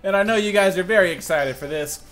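A young man commenting casually as he plays a video game, excitable and self-mocking, with sudden loud outbursts. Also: high-pitched, fast talker. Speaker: gaming channel host. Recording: faint music behind the voice.

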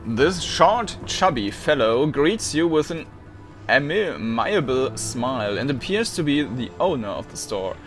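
A man's voice: mid-range voice, very animated, measured pace, fairly bright tone, faint music behind. A man hosting a let's play, reading a role-playing game's dialogue and text aloud, tripping over words and restarting.

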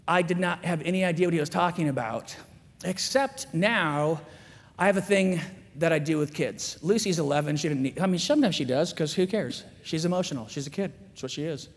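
A man giving a candid, self-mocking, animated storytelling talk at a school chapel. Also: a little high, a little fast. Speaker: chapel speaker. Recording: long reverb of a large chapel.

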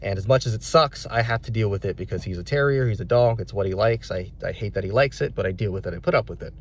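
A man's voice: on the low side, quick pace, a little hiss or hum. A young adult man, a dog trainer, telling a story in a casual vlog, rambling and candid with many restarts.

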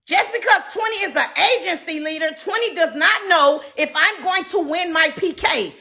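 Brash high-voiced woman ranting at chat. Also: animated, normal speed, few pauses. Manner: brash and profane; loud and combative. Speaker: livestreamer.

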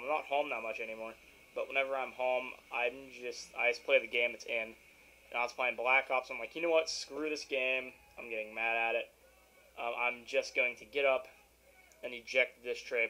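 A man's voice: medium pitch, bright, forceful tone, low-quality recording. Rambling young man commenting on gameplay. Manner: rambling, easily irritated, sarcastic asides. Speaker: gaming video commentator. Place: at home by his game console.

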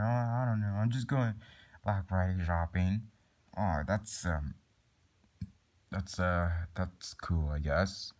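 Young male performer, lowish voice, rambling improvised toy-skit delivery full of fillers and restarts. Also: slow pace, long pauses, a little mellow. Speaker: plush toy video maker.

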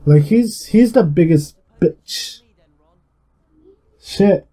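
A young gaming YouTuber gives casual, rambling commentary on his gameplay, swearing heavily throughout. His slightly high voice still sounds dark and mellow, and he speaks slowly and unhurriedly but with an energetic, louder-than-usual push.

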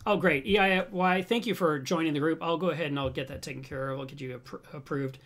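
A man hosting a home livestream about reef aquariums, chatting casually to his webcam and telling stories in an animated way. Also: a little high, fast talker. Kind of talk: casual livestream chat, reading viewer comments.

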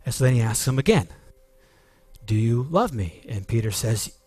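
A man's voice: mid-range voice, big pitch swings, normal speed, pauses often, a little mellow, slightly rough, no room sound. A man preaching a sermon as pastor, earnest and emphatic, with frequent restarts.

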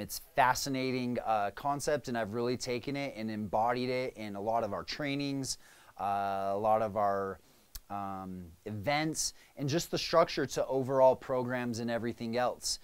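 A man's voice: medium pitch, clean tone. A man coaching his viewers in casual talk to camera, often tagging his points with "right?" and "okay?". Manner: conversational, frequent "right?" and "okay?" check-ins. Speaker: business coach.

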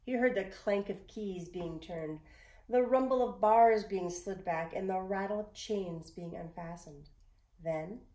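A woman reads a storybook aloud in a voice of middling pitch. She is expressive, sometimes sinking to a whisper and sometimes addressing the listener directly. The sound is roomy and echoey.

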